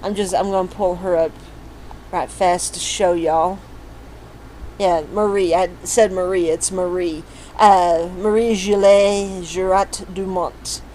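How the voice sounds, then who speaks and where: Lady slowly rambling thru family records, lots of ums, faint hum behind her. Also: on the low side, fairly even intonation, dark tone, poor audio. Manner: rambling, many fillers and restarts. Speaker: family history vlogger. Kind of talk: casual screen-share walkthrough.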